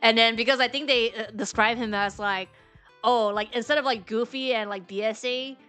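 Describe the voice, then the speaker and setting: A woman's voice: on the high side, steady tone, moderate pace, sharp tone, smooth, faint music behind. A woman streaming a game, reading its dialogue aloud and chatting in a rambling, filler-heavy way, laughing often. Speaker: VTuber streamer.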